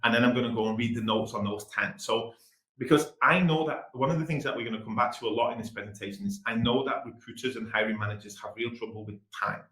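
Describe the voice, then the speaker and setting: A man with an English accent giving a fast-paced business webinar presentation. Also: medium pitch, reverberant, rough recording. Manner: fast-talking, energetic.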